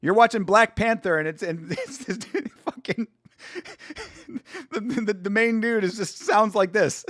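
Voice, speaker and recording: Young dude streaming a fight watch-along, high voice, hyped and slangy, lots of cussing. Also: male voice, unhurried, dry recording, clean studio sound. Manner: excitable, slangy, swears, laughs often. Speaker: stream host. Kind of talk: casual live watch-along commentary.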